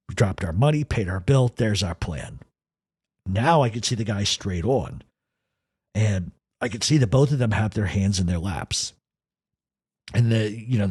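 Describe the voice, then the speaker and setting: A man with a husky, slightly rough voice recounts a true crime story in first person. He talks with intensity and peppers nearly every line with profanity. The recording is dry and close, with no room sound. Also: lowish voice, darkish tone, no room sound. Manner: profane, intense, rapid retelling.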